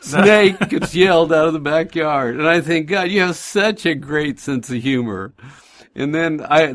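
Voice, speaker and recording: A man hosting a faith radio show, gently encouraging listeners and telling stories in a calm, reassuring way. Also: on the high side. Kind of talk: encouraging faith talk and storytelling.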